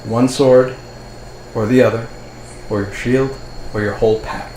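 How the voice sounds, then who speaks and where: A man of middle pitch runs a tabletop game, describing scenes in a steady, unhurried storytelling manner. His voice comes through an echoey room with faint ambient noise behind it. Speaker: game master.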